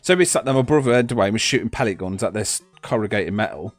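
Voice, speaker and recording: A man's voice: fairly low pitch, lively intonation, fast, no echo, faint music behind. A man, a podcast co-host, telling rambling stories in casual chat, laughing and swearing as he goes.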